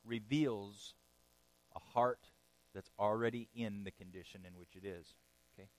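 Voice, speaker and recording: Male pastor, sermon; dry close sound, lively delivery that swings from loud to hushed. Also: no room sound, low-quality recording. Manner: animated, swings between loud emphatic peaks and quiet low passages; conversational, checks in with "okay?".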